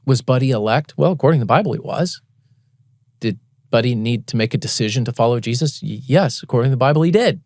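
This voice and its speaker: A man's voice: medium pitch, animated, quick pace, darkish tone, no room sound, clean studio sound. A male pastor preaching a sermon, telling a story in an earnest, conversational way and laughing at himself now and then.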